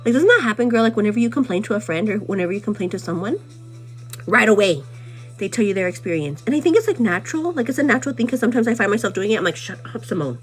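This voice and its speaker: A young woman hosting a live vlog, rambling in a gossipy, casual way, full of "like" and "you know what I mean," animated and quick to laugh. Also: faint music behind. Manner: animated and laughing, pitch jumps up when riled. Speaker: livestream host.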